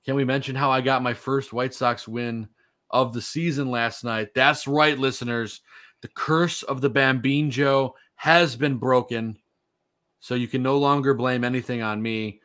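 A man's voice: mid-range voice, fairly even intonation, measured pace, a bit bright. A man in his thirties casually hosting a sports podcast, easygoing and rambling with lots of fillers. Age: 30s. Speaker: podcast host.

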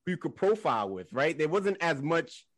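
A man's voice: a little high, sing-song, moderate pace, dry recording. A man co-hosting a podcast, telling laid-back, slangy stories in casual chat. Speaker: podcast co-host.

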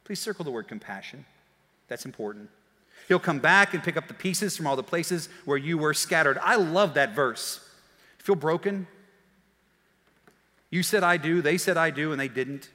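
A man preaching a sermon as pastor, telling stories in a lively way that swings from quiet asides to shouts. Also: fairly high pitch. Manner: animated storytelling, shouting and quick laughs. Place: church auditorium. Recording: long hall reverb.

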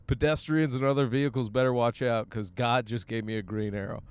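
A man rambling to his listeners from behind the wheel, with a smooth, resonant voice. He jokes at his own expense, swears freely and tosses in silly voiced asides. His pitch sits in the middle of the male range. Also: steady tone, brisk. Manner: jokey and self-mocking, with frequent swearing and silly voiced asides. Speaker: podcast host. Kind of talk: casual rambling monologue. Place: in a car while driving.

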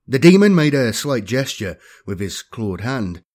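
A man giving a measured, dramatic scripted audiobook narration. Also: mid-range voice, big pitch swings, a little mellow.

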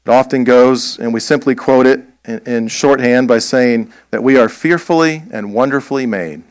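Male pastor, mid-pitched voice, deliberate emphatic sermon delivery, dry close sound. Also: dry recording. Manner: deliberate, emphatic preaching with rhetorical questions.

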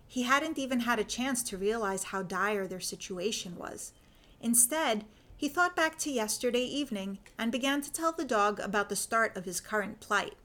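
A woman narrating a fan fiction story in an even, measured reading voice. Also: a little high.

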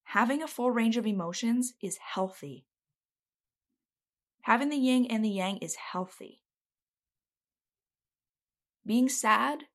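A woman's voice: medium pitch, a bit bright. A woman giving casual self-help advice to camera. She is blunt and feisty, swears freely and stresses her points hard. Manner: feisty, emphatic.

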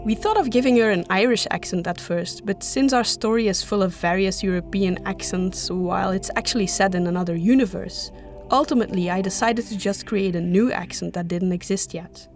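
A woman's voice: medium pitch, fairly quick, faint music behind. Candid woman narrating a making-of. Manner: candid, self-deprecating. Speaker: audio drama co-creator and voice actor. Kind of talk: behind-the-scenes commentary.

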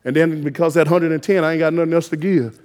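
High-voiced preacher exhorting his congregation. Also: fairly even intonation, quick pace. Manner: exhorting, call-and-response rising to shouted emphasis. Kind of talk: sermon.

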